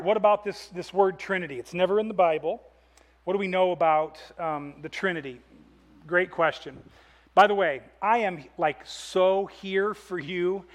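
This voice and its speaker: A male pastor preaching a sermon with energy and emphasis, repeating words and restarting phrases as he drives his points home. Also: high-pitched.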